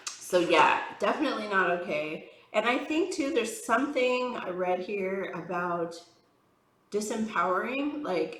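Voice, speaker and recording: Chatty woman rambling with fillers in an echoey room. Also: lowish voice. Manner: frank and exasperated. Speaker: tarot reader. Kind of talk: casual chatty vlog while doing makeup.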